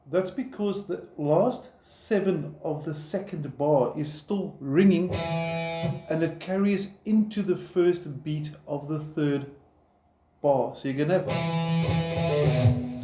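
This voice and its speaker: A man's voice: fairly high pitch, mellow. A man teaching a guitar lesson step by step, patiently explaining while he plays and counting in. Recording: roomy echo, guitar playing behind.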